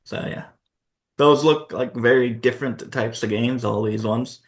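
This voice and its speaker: A man's voice: mid-range voice, fairly even intonation, unhurried. A man co-hosting a board game channel, chatting casually about award nominees and thinking aloud with fillers.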